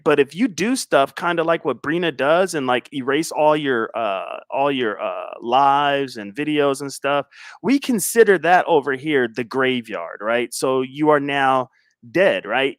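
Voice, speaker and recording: A man's voice: fairly high pitch, fairly bright tone, no room sound, studio quality. A man hosting a casual livestream, talking in a laid-back, slangy, rambling way with chuckles. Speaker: livestream host.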